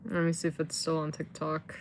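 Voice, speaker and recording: A woman's voice: sits low, completely flat delivery, brisk, a little hiss or hum. Rambling, cursing woman livestreamer. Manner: rambling, swears when frustrated, filler-heavy. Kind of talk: casual livestream chat.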